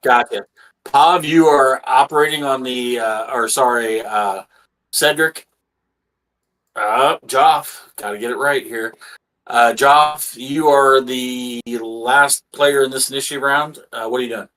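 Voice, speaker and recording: A man's voice: mid-range voice, fairly even intonation, a little slow, fairly bright tone. A man narrating as game master, rambling with many fillers and restarts.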